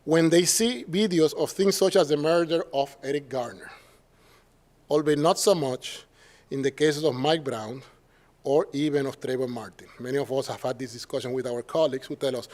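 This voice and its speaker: A man speaking English with a Puerto Rican Spanish accent delivers a symposium lecture in a fairly high voice. He keeps it conversational and wry, tossing quick tag questions to his listeners between points. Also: darkish tone. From Puerto Rico. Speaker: professor giving a symposium talk. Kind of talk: public lecture.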